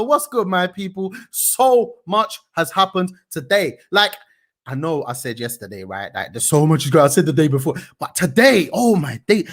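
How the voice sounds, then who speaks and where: A young man hosting a news show in a casual, slangy and indignant way, with big swings in pitch. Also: fairly bright tone. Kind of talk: casual, energetic news commentary.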